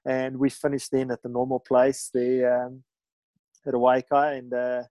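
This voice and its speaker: A middle-aged South African man, a guest who's an ocean ski paddler, tells a casual story in a rambling way, full of fillers and restarts. His mid-range voice is dark in tone and monotone, at a moderate pace. The recording is dry and poor in quality.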